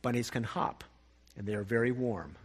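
A man voicing a great male silver wolf who speaks slowly, deliberately and gently, with a husky tone. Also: mid-range voice, natural voice. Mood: gentle. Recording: long reverb.

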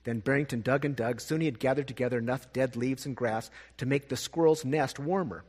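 A man reading a storybook aloud in a gentle, expressive way, with a husky voice. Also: mid-range voice. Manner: gentle, expressive, slow at sad parts. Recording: long reverb.

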